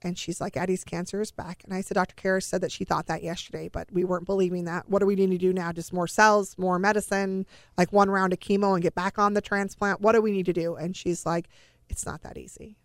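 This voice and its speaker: A woman's voice: fairly low pitch, level tone, fast, hardly any pauses, no room sound, clean studio sound. A middle-aged woman telling her own family story in a personal, emotional way, acting out the dialogue she quotes.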